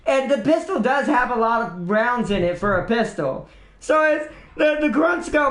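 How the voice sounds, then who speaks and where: A male streamer with a high voice rambles through casual gaming chat, enthusiastic and quick to laugh. His voice echoes around the room he records in, which gives it a hollow, roomy ring. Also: animated, a bit bright. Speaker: streamer host.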